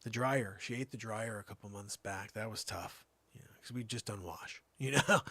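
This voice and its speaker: A man's voice: on the low side, normal speed, pushed and bright, dry recording, studio quality. A middle-aged man hosting a comedy show, spinning a rambling tall-tale monologue with theatrical jumps in voice.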